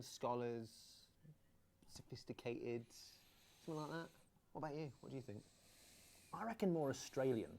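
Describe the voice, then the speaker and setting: A man in a played comedic video, bantering in a playful, deadpan way. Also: mid-range voice, gravelly, slight background noise.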